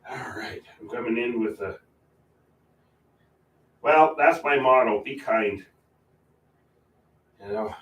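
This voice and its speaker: A chatty man talks through his painting stream, rambling from one thought to the next and breaking into sudden louder bursts. He sits well back from the microphone in a roomy, echoing space, with faint ambience behind him. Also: mid-range voice, slow pace, long pauses, distant mic, a little hiss or hum. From Portland, Oregon area. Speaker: painting livestream host. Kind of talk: casual chat while painting.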